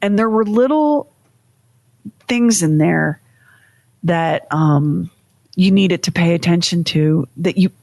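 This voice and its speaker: A woman's voice: fairly low pitch, darkish tone, no room sound. A woman co-hosting a podcast, telling history in casual chat with vivid, dramatic phrasing. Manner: dramatic, vivid storytelling with emphatic pauses. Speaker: podcast co-host.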